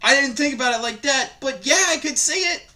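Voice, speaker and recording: A man hosting a reaction video, ranting casually and profanely about online stories in a rambling, animated way. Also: extremely high pitch, a little fast.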